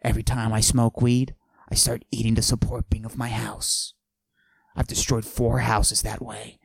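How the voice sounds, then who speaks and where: A man playing a boastful macho character, pushing his voice low and husky and often dropping to a whisper while he brags deadpan. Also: moderate pace, dry recording. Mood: swaggering. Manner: boastful, deadpan absurd bragging. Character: cocky macho man with a forced deep voice. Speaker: podcast host. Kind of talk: comic character monologue.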